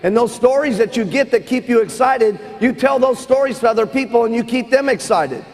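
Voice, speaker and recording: A man with a very high, somewhat darkish voice speaks a little fast as a business trainer delivering a motivational seminar speech. He is emphatic and keeps asking "okay?", and the recording carries a long hall reverb.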